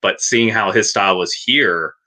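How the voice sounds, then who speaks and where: A man's voice: on the low side, moderate pace. A man in casual talk about a film, laughing often and acting out scenes as he retells them. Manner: laughing, animated retellings with acted quotes. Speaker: podcast guest. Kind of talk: casual movie chat.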